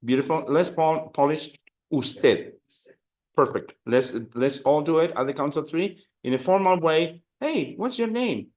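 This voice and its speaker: A man's voice: a little high, measured pace, darkish tone, muffled recording. A man teaching a Spanish class, explaining grammar and leading drills, with many fillers and restarts. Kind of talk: classroom language lesson.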